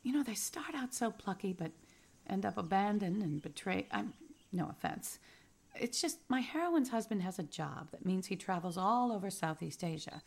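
An actress playing a polite, eager novelist who interviews people for a book in a radio drama. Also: female voice, mid-range voice, animated, moderate pace, gravelly. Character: eager young woman novelist researching expats.

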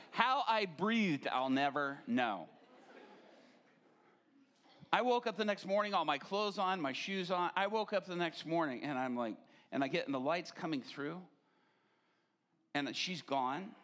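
A man preaching, telling a personal testimony in a lively storytelling manner, laughing often and acting out the voices of others. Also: high voice, unhurried. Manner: animated, laughing, acts out quoted voices. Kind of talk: storytelling sermon.

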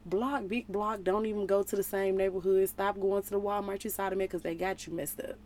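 A young woman leading a casual Bible study, reading scripture aloud and retelling it in playful, slangy, animated asides. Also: mid-range voice, a little fast. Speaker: relationship vlogger.

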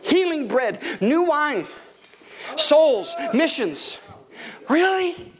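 Animated high-voiced preacher man. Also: normal speed. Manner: animated, laughing, repeats words for effect. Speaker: pastor. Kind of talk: charismatic sermon.

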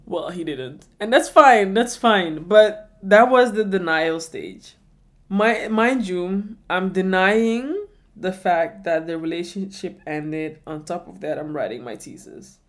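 A woman's voice: lowish voice, slow pace. Reflective young woman telling her story. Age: 20s. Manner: reflective, repeats questions to herself. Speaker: vlogger. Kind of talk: personal storytelling.

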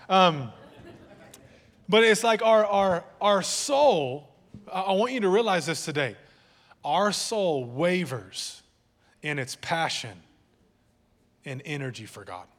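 A man's voice: high-pitched, animated, slow, long pauses, a bit bright, big-room sound. A male pastor preaching a sermon in a church, talking casually, repeating words and joking with his listeners. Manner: conversational preaching with repeated words and audience jokes. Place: church hall.

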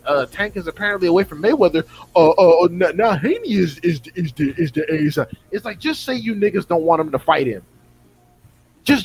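Man ranting with a high, swinging voice. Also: gravelly, slight background noise, low-quality recording. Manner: profane, exasperated, mocks fans in put-on voices. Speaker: podcast co-host. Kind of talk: heated casual podcast rant.

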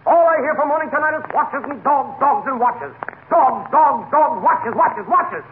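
An actor playing a pedantic, prissy young newspaper clerk in a 1940s radio comedy. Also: male voice, very high voice, expressive, normal speed. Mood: fussy. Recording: tinny old radio broadcast with faint hiss.

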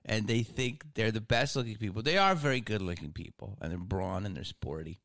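A man chats casually on a podcast, rambling from one thought to the next and laughing often. His voice sits low, and the recording is dry and close. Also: a little fast, a bit bright, dry recording. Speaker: podcast host. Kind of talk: casual chat.

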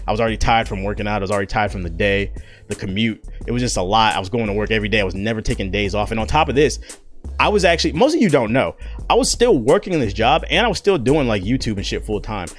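A man's voice: fairly low pitch, lively intonation, fast talker, faint music behind. A young man and content creator telling a personal story in a casual, profane, slangy way.

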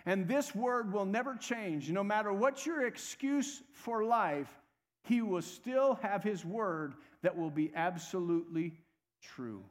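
A man's voice: high-pitched, unhurried. A man preaching a sermon as pastor, urging the congregation to repeat phrases after him. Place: church sanctuary. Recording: long reverb of a church hall.

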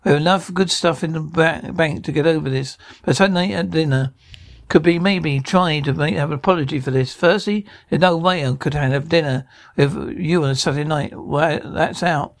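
A man's voice: fairly high pitch, normal speed, creaky. An actor playing an irritable middle-aged man who squabbles in sitcom dialogue, stammering and restarting. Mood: bickering. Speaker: sitcom character.

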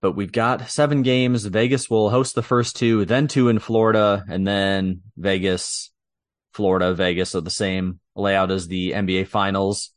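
A man's voice: low-pitched, fairly even intonation, moderate pace, no echo, clean studio sound. A man co-hosting a podcast, chatting casually and with opinions about sports, laughing easily. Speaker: podcast co-host.

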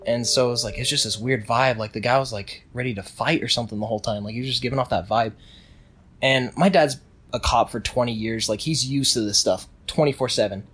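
A man's voice: medium pitch, a bit bright, husky. A young man casually telling a long story with many restarts, acting out what people said. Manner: rambling with restarts, acts out quotes.

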